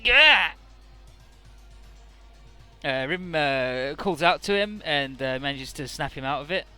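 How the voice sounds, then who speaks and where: A man's voice: fairly high pitch, moderate pace, sharp tone, smooth, faint music behind. A man casually recapping a game story as a let's play host, irreverent, swearing, with many fillers.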